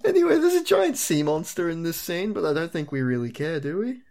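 Animated, joking podcast host; very lively pitch. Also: fairly quick, vocal fry. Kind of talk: casual chat.

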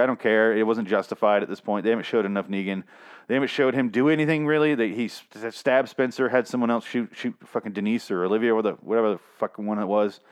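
A young man with a lowish voice talks through a comic recap as a show host. He rambles, swears freely and keeps cutting himself off mid-thought. The tone is loose, casual and opinionated. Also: clear, resonant tone. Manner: profane, rambling, self-interrupting. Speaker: podcast host.

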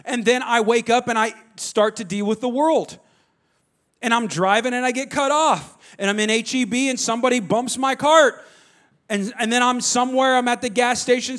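A male pastor, preaching a sermon with animated storytelling and frequent restarts. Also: extremely high pitch.

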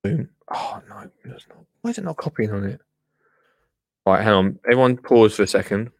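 A man's voice: on the low side, animated, fairly quick, creaky, dry recording, clean studio sound. A man hosting a casual livestream, chatty and laughing, often muttering to himself and trailing off while he works the computer. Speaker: livestream host. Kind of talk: casual live-stream chat.

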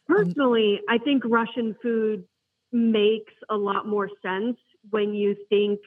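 A man's voice: high-pitched, fairly even intonation, slow pace. A man chatting enthusiastically on a podcast, rambling a little, heard over a phone call. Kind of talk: casual podcast chat. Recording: tinny phone line.

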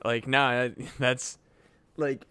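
A man co-hosting a podcast, chatting in a halting, casual way. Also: mid-range voice, little pitch movement, sharp tone, smooth, dry recording. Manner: chatty, halting, laughs mid-thought. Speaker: podcast co-host. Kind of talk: casual chat.

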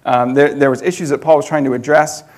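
A man's voice: mid-range voice, steady tone, fast talker. A man preaching an informal sermon, chatty, laughing often and restarting his sentences.

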